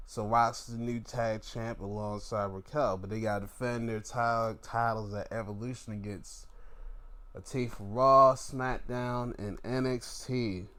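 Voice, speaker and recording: A young man hosts a casual solo podcast and runs through the week's wrestling in a loose, profane ramble. He sits at an average pitch, then jumps into loud, high disbelief and drops back to low mumbled asides, laughing along the way. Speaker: podcast host.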